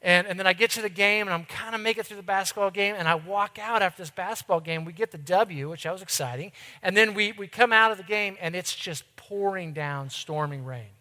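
A middle-aged man with a high, bright voice tells a story from the pulpit, talking in a loose, conversational way and poking fun at himself. His voice rings out with a long reverb tail from a large church hall. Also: fairly quick, hardly any pauses. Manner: conversational, self-deprecating storyteller. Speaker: church ministry director. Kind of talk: sermon storytelling.

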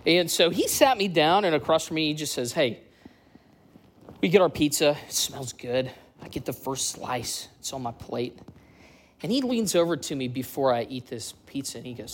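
A man's voice: on the high side, moderate pace, a little hiss or hum. A man in his late thirties, a church community director from the US East Coast, telling stories and bantering with a church crowd. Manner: lively storytelling with crowd banter.

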